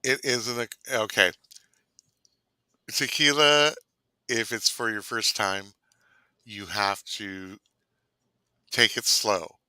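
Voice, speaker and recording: A middle-aged man with a low, bright and forceful voice chats on a cooking live stream. He teases and laughs a lot. The sound is close and dry. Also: fairly even intonation, takes it slowly, long pauses, clean tone, no echo. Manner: playful, teasing, laughs often. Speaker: cooking show co-host. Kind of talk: casual live-stream chat. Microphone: computer mic.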